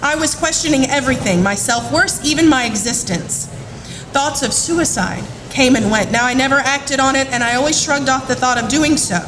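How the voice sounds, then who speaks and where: A woman with a high voice speaks an earnest, faith-filled testimony. She is recorded from a distance, and clear noise runs behind her. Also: normal speed. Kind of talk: personal testimony.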